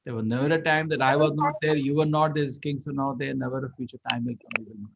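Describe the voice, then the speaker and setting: Male scripture teacher, gravelly and a bit husky, dull lo-fi sound. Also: mid-range voice, fairly even intonation, fast, a little hiss or hum. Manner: chants Sanskrit verses and explains them line by line. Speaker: Bhagavad Gita teacher. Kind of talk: scripture class lecture.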